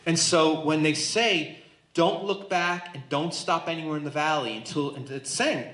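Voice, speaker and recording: A man's voice: a little high, moderate pace, fairly bright tone. Emphatic man teaching Bible study, roomy echo. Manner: emphatic, asks listeners questions. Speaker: pastor leading Bible study. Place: church room.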